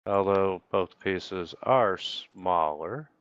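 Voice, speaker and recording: A man running an online tabletop game as game master, unhurried and thinking aloud as he checks the rules. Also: low-pitched, fairly bright tone, clear, resonant tone, no room sound, muffled recording.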